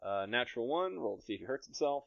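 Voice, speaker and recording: A man running a tabletop game as game master, playful and narrating combat with quick asides. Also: medium pitch, big pitch swings, gravelly, fairly bright tone, no room sound. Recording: dry, slightly dull podcast mic.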